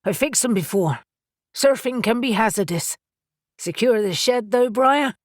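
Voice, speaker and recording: A woman's voice: a little high, lively intonation, unhurried, dry recording, studio quality, voice pushed up. A woman voicing an easygoing young male surfer witch who talks in a breezy, joking way.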